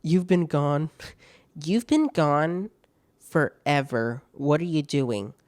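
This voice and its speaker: A man voicing a young woman in a rage, her voice pushed high and shrill as she hurls crude insults. The sound is dry and close, with no room around it. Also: lively intonation, slow pace, no room sound. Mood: impatient.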